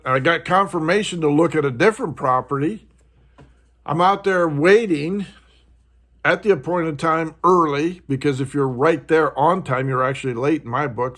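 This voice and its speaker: High-voiced man ranting on his vlog. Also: fairly bright tone. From United States. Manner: frustrated, ranting, mimics others in a higher voice. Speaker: host. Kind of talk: casual vlog rant.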